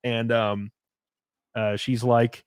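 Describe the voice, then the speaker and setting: A man's voice: medium pitch, flat delivery, very slow, clear, resonant tone, no room sound. Male streamer host with a loose, filler-heavy ramble and a dry, close mic sound. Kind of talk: casual podcast chat.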